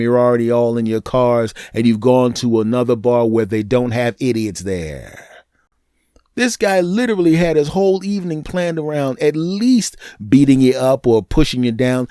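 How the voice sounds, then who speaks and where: A man hosting a podcast, telling a comic story in an animated, sarcastic way, swinging between loud and hushed. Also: mid-range voice, dry recording, clean studio sound. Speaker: podcast host. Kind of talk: comedic storytelling monologue.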